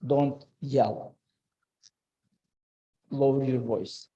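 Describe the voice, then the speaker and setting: A man's voice: mid-range voice, steady tone, extremely slow, warm tone, dull audio. A man giving an earnest sermon-like talk at a religious study circle, repeating his key advice, with a delivery.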